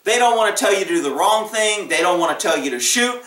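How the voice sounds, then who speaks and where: A man's voice: high-pitched, expressive, fast talker, fairly bright tone, far from the mic. A man who works as a police officer giving blunt, emphatic advice in a casual vlog monologue. He often acts out what callers and dispatchers might say. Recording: echoey room, voice off-mic.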